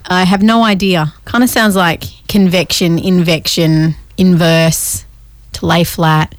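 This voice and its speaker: A woman's voice: lowish voice, fairly even intonation, slow pace, dry recording, studio quality. A woman hosting breakfast radio, chatty and upbeat, laughing easily with her co-host.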